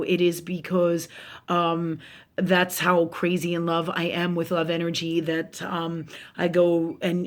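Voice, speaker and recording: Animated, swearing woman spiritual teacher. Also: lowish voice. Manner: animated storytelling, swears freely, many fillers and restarts. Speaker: spiritual teacher hosting a live show. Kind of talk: casual spiritual talk to viewers.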